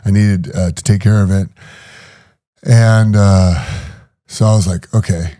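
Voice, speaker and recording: A man's voice: low voice, steady tone, unhurried, warm tone. A middle-aged man telling his story in an interview, hesitant, with many fillers and restarts. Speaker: guest.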